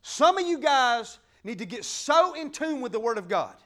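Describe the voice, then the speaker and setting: Fervent high-voiced preacher man. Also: big pitch swings, normal speed. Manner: fervent, emphatic, swings from loud declarations to quiet asides. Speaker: pastor. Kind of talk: sermon.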